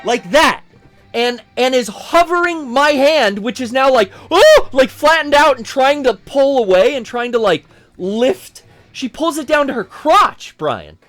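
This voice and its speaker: High-voiced man telling a rambling story. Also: a little slow, faint music behind. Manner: rambling, profane, animated storyteller. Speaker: co-host of a game stream. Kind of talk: casual storytelling over gameplay.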